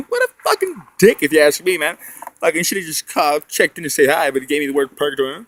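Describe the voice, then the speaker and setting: A man's voice: a little high, big pitch swings, quick pace, a bit bright, no echo, poor audio. A man telling a long personal story in a meandering monologue, swearing often and leaning on fillers and tag questions. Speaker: storyteller recounting spiritual experiences.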